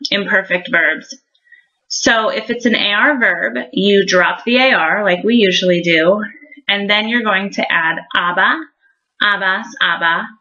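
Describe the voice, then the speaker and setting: A woman's voice: mid-range voice, sharp tone, lo-fi sound. A woman explaining verb endings in a recorded language lesson, friendly and patient, with frequent ums. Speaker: Spanish teacher.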